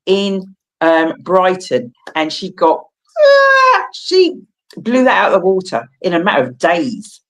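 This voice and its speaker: A woman's voice: lowish voice, animated, a little slow. A woman hosting a radio talk show, chatting casually and rallying listeners to take part.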